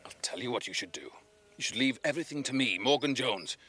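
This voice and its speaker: An actor with a Welsh accent playing a stern, dismissive middle-aged farmer in a TV drama, commanding and gruff. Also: male voice, mid-range voice, expressive, fast talker, bright, forceful tone. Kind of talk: TV drama acting.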